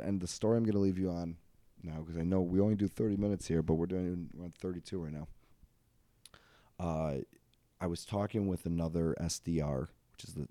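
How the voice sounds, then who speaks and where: A man's voice: low voice, dark tone, no room sound. A young man in his twenties hosting a comedy podcast, rambling casually with lots of fillers and self-deprecating jokes. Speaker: podcast host.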